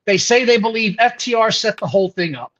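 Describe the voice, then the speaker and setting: A man's voice: high-pitched, lively intonation, brisk, fairly bright tone. A man co-hosting a casual wrestling podcast, recapping events with dismissive play-by-play. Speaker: podcast co-host. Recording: dull lo-fi audio.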